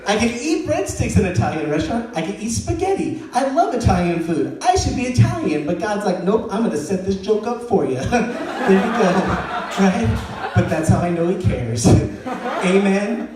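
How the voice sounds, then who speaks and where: A young man with a high voice for a man tells stand-up stories, acting out each line of dialogue in an animated voice. He is caught from a distance on a stage mic, and a strong echo hangs on every word. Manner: animated storytelling, acting out quotes in shifting voices. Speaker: stand-up comedian. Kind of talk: stand-up comedy set. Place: comedy venue with live audience. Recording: very echoey room, voice far from mic.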